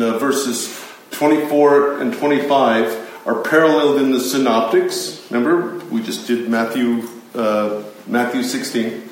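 In a very echoey room, a man with a fairly high voice preaches a conversational sermon to a Bible study group, emphatic and chatty with asides to listeners. A little hiss or hum runs under the recording.

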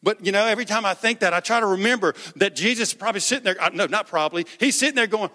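A man preaching a conversational, animated sermon with jokes in a church. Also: sits high, rapid-fire, hardly any pauses, long reverb tail. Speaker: pastor. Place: church sanctuary.

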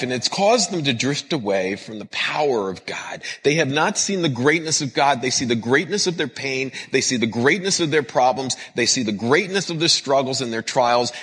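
A man preaches a sermon in an earnest, repetitive cadence, drawing on his work as a counselor. His voice is bright and forceful with a husky edge. It rings out through the long reverb of a large hall. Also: mid-range voice. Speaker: pastor and counselor.

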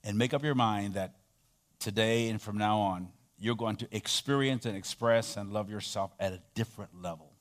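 A middle-aged man preaching a sermon, swinging between loud emphatic peaks and soft near-whispered passages, and having the congregation repeat phrases after him. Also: on the low side, moderate pace. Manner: leads call-and-response, has the audience repeat phrases. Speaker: pastor.

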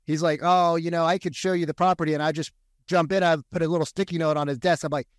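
A man talking in casual podcast chat, an animated, profane storyteller. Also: a little high, fast, no room sound, studio quality. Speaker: real estate agent, podcast guest.

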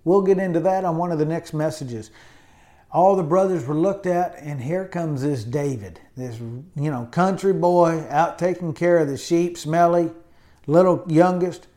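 Speaking at a measured pace in a mellow voice that sits on the high side, a college-educated adult pastor delivers an emphatic sermon full of amens and hallelujahs.

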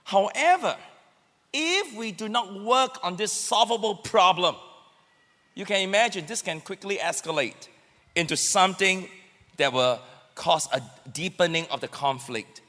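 A man's voice: a little high, animated, a little slow, pushed and bright. A male pastor preaching a conversational sermon and calling on the congregation to answer back. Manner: conversational, calls for congregation responses. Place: church hall. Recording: echoey church hall.

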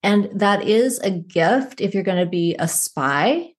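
A woman psychologist, a guest in a conversational interview, talking in a thoughtful, unhurried, storytelling way. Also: mid-range voice, lively intonation.

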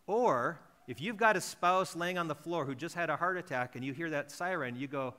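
A pastor preaches a conversational sermon in an expressive voice at normal speed with few pauses. He acts out imagined dialogues in softer, lower voices and often repeats words as he restarts.

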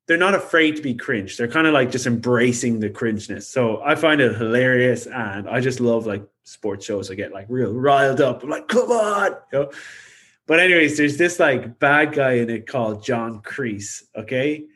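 A man co-hosting a podcast in casual chat, animated and rambling, with lots of filler words. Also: mid-range voice, moderate pace, hardly any pauses. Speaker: podcast co-host.

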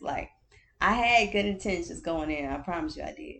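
A woman's voice: fairly low pitch, moderate pace, vocal fry, a bit bright. A woman hosting her own podcast in a casual solo chat. She talks candidly, laughs often, repeats phrases for emphasis and calls the listener baby or honey. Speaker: podcast host.

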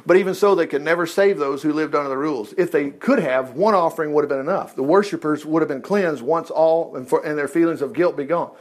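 A man's voice: a little high, fast talker, few pauses. A man preaching an informal Bible-study sermon, reading scripture aloud and breaking off with folksy comments.

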